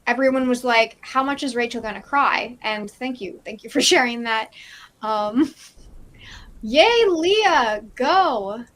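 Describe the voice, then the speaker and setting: High-pitched chatty woman. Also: expressive, slow pace, a bit bright. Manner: chatty, enthusiastic, laughs often, many fillers. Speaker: co-host of a live reading sprint stream. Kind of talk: casual chat.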